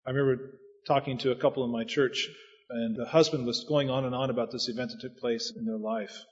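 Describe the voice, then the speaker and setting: A man's voice: mid-range voice, fairly even intonation, brisk. A man preaching as a pastor, folksy and anecdotal, with chuckling asides. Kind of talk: preaching talk. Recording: muffled sound with long hall reverb.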